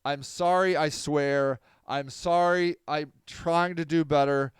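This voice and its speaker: A man hosting a podcast, rambling sardonically and apologetically, swinging from loud to mumbled. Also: on the high side, steady tone, slow, clear, resonant tone, no echo, clean studio sound. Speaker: podcast host. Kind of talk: casual livestream podcast monologue.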